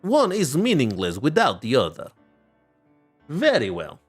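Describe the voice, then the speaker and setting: A man putting on a fake Russian accent, playing a gruff, deadpan character who speaks in solemn, clipped lines. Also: mid-range voice, measured pace, soft background music, pitched below the performer's own voice, exaggerated voice.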